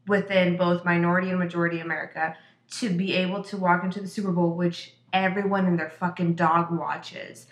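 A woman co-hosts a loose, unscripted conversation, and she speaks bluntly and emphatically with frequent profanity. Her voice sits at an ordinary pitch for a woman. The recording carries a noticeable echo from the room around her. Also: fairly bright tone. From Mexico. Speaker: podcast co-host. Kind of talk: casual chat. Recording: echoey room.

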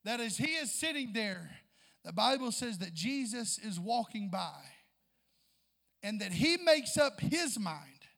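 High-voiced impassioned male preacher in a reverberant hall. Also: big pitch swings, a little slow, gravelly. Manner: impassioned, building to near-shouts with church interjections. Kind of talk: sermon.

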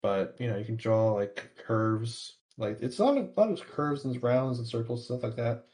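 A man's voice: medium pitch, normal speed, a little mellow. A man chatting casually as a podcast guest, hesitant with many ums and restarts. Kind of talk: casual chat.

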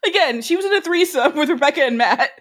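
A woman co-hosting a podcast, adding quick, teasing quips to a TV recap. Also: sits high, animated, fairly bright tone. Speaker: podcast co-host. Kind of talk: casual chat.

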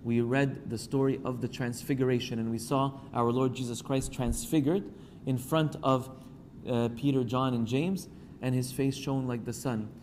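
Male priest, preaching a sermon, middle pitch, echoing hall, faint background ambience. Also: steady tone, normal speed, a little mellow, slight background noise. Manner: preaching with rising emphasis, acting out quoted voices.

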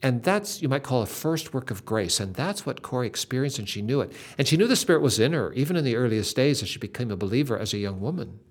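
An older man telling a faith story in an earnest, dramatic way, with lively shifts in emphasis. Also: medium pitch, quick pace, few pauses.

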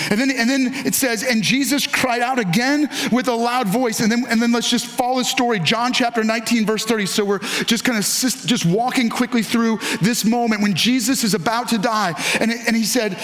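A man preaching a sermon as pastor, earnest and emphatic, slowing down to stress key lines and repeating them. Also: extremely high pitch, a bit bright. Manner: earnest, emphatic preaching with dramatic slowdowns and repetition.

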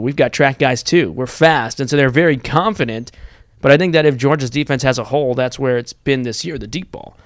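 A young man co-hosting a student sports podcast, giving steady, thought-through football analysis in long run-on points. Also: medium pitch, smooth, dry recording, studio quality.

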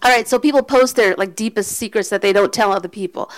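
An American woman gives a candid, conversational talk to an audience, full of restarts and asides. Her voice is mid-range and fast, and the recording is low quality.

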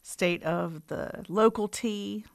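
A woman's voice: mid-range voice, gravelly, dry recording, studio quality. A woman co-hosting a community radio talk show, upbeat and bantering. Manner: upbeat, quick to agree and banter. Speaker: radio co-host. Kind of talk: casual talk radio chat.

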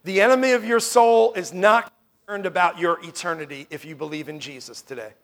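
A man from New York preaching a sermon as pastor, emphatic, swinging from loud declarations to hushed tones and asking the room "Amen?" often. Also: sits high, brisk.

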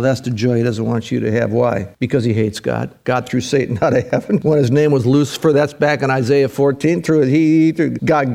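A man's voice: medium pitch, darkish tone. A middle-aged man preaching a sermon with emphatic delivery, repeating key phrases for weight. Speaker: pastor.

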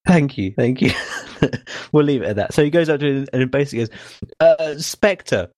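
A man co-hosting a podcast, recapping in casual chat, halting with many fillers and laughs. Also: mid-range voice, a little mellow, no echo, studio quality. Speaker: podcast co-host.

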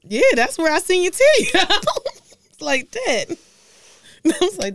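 Woman, AAVE, casual chat, laughing and teasing, lively pitch. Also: slow. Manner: laughs often, swears, teasing.

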